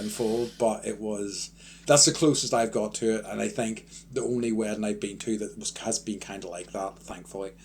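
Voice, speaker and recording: Rambling man, low voice. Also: darkish tone, a little hiss or hum. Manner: rambling, frequent fillers and restarts. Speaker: podcast co-host. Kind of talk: casual chat.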